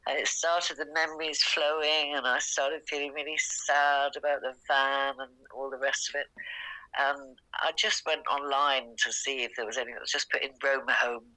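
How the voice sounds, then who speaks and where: An older British woman talks over the phone with a bright, forceful voice. She tells her story in a chatty, rambling and emotional way, tumbling from one detail to the next. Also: very deep voice, level tone, moderate pace, rough recording. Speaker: podcast host's mother on a phone call. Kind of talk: excited phone chat. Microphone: phone call recording.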